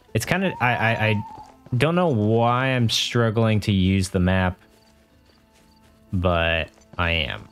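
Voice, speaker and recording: A man casually commenting while playing a fantasy game, chatty and self-mocking, with muttered reactions. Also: on the low side. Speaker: let's play host.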